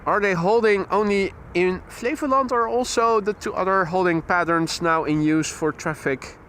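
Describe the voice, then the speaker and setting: A Dutch man hosting a live plane-spotting stream outdoors beside an airport runway, giving steady, informative commentary on arriving flights. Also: high-pitched, moderate pace, a little hiss or hum. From Netherlands. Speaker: plane-spotting livestream host.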